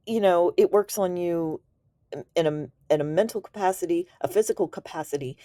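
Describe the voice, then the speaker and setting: A woman's voice: lowish voice, mellow, no room sound, clean studio sound. A woman telling a story in a casual, slangy and enthusiastic way, laughing now and then as she explains. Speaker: Reiki teacher.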